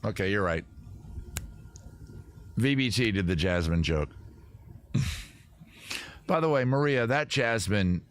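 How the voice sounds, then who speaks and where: Rambling low-voiced livestream host, a man. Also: animated, takes it slowly, long pauses. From Maryland. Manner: rambling, jokey, talks to chat and guests. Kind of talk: casual livestream chat reading viewer comments.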